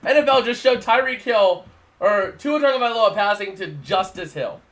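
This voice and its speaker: A man's voice: sits high, animated, normal speed, fairly bright tone. A man doing casual live play-by-play on a stream, rambling and repeating himself as he gives his opinions.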